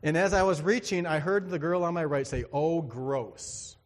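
A man with a high-pitched voice preaches a sermon fast, telling a personal story earnestly and dramatically while acting out the other voices. The recording has a long hall reverb.

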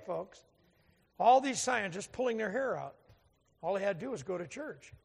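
High-pitched gravelly preacher man, joking story sermon, echoey church. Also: fairly bright tone. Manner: folksy, humorous storytelling, calls out to the congregation. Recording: echoey hall reverb.

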